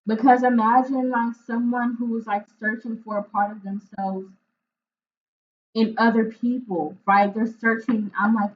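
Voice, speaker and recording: A woman's voice: fairly high pitch, little pitch movement, a little slow, slight background noise. Earnest woman giving a tarot reading. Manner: earnest, repeats "right?" and "like"; emotional, searching for words. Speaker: intuitive tarot reader. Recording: phone-like narrow sound.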